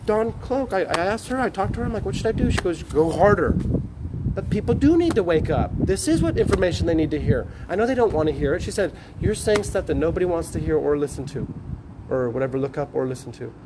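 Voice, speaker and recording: A man ranting in a rambling, profane, preachy vlog monologue, talking excitedly to his phone camera. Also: on the high side, fast, very noisy. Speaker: vlogger. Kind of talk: rambling selfie-video monologue. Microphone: phone on a tripod.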